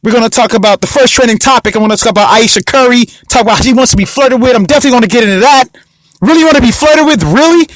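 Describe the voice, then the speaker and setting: A man with a fairly high voice talks through his podcast rundown in a loose, rambling, sarcastic way. The sound is close and dry, with no room around it. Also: rapid-fire, few pauses, no echo. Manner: sluggish, mock-excited intro. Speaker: podcast host. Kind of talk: casual solo podcast.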